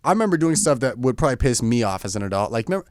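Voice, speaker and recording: Fast-talking man podcast guest. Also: medium pitch, sing-song, no room sound, studio quality. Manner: quick, jokey, acts out voices in stories. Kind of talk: casual podcast chat.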